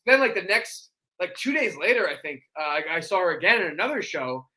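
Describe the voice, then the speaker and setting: Animated, bright-voiced man telling stories. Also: high-pitched. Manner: animated storyteller, quick restarts and fillers. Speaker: guest. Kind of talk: casual chat.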